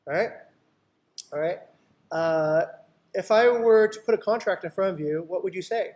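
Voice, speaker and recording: A company boss coaches his sales team in an online meeting, lively as he acts out client conversations and keeps checking in with "right?". His voice is high-pitched at normal speed, with long pauses.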